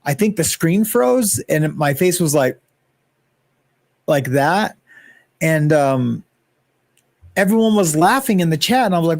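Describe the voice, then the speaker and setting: A man's voice: a little high, lively intonation, a little slow, pauses often, a little mellow, dry recording. A man hosting a casual livestream, rambling and greeting chat viewers by name. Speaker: livestream host.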